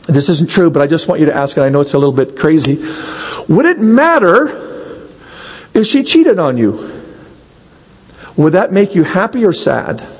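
A man's voice: fairly high pitch, sing-song, normal speed, long pauses, slightly rough, big-room sound, rough recording. A man preaching a sermon in a church, asking the congregation rhetorical questions and acting out little quotes. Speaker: pastor.

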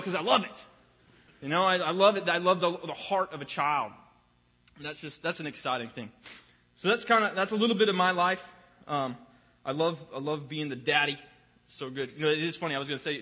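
A young preacher with a slightly high, pushed, bright and husky voice delivers a sermon in a church sanctuary, where the hall's reverb rings long. His delivery is conversational, with repeated words as he finds his place.

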